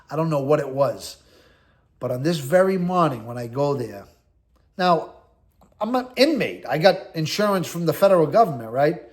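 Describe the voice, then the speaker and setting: A man's voice: medium pitch, darkish tone. Rambling man telling stories. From Boston area. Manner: rambling and conversational, full of "like" and "you know", blunt street talk. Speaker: host recounting prison experience. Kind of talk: casual storytelling monologue.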